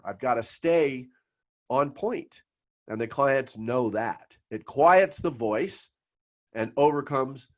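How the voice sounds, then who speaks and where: In a seminar talk, a middle-aged South Florida man with a mid-range voice coaches financial advisors. He tells stories and punctuates them with emphatic pauses.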